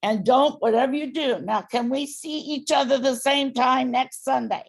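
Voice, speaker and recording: Woman dog trainer, bit gravelly, pitched a little high, calm step by step directions. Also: normal speed. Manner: patient, directive instructions. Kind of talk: coaching a client through training.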